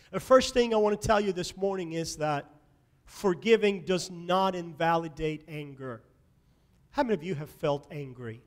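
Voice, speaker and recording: High-voiced preaching pastor, man. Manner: emphatic preaching with sharp swings between loud and soft. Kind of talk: sermon. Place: church sanctuary.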